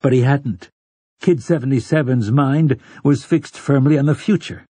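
A man narrating an audiobook in a measured, even storytelling manner, with a husky voice. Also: mid-range voice, no room sound. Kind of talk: scripted narration.

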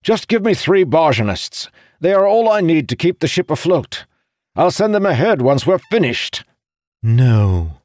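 A man voicing a desperate male ship captain who shouts and pleads in anguish, losing his ship. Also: on the low side, animated, slow pace, no room sound, pitched above the performer's own voice. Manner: yelling, anguished.

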